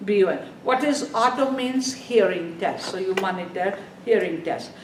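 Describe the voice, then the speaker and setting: A woman's voice: medium pitch, normal speed, slight background noise. A woman teaching a nursing exam review class. She drills her students with questions and repeats key terms for them to write down, and her grammar is non-native. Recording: echoey classroom from a distant mic.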